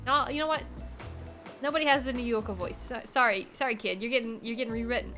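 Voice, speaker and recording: A woman's voice: a little high, fast talker, sharp tone, faint music behind. Playful, laughing woman streamer. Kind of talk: live game stream, reading aloud.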